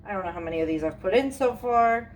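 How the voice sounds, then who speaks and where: A young woman rambles through a storytime while she bakes in her home kitchen. She talks in a chatty, loose way, with lots of "like" and "you know". The recording has clear background noise throughout. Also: mid-range voice, lively intonation, fast talker, poor audio. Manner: chatty, rambling, many fillers. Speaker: vlogger. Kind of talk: casual storytime while baking.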